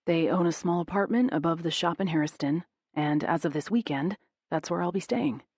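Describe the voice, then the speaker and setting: A woman voicing an earnest young man in love, speaking softly in an audiobook. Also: fairly low pitch, a little fast, husky, no echo, clean studio sound. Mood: tender. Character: adoring young man, tender and frank.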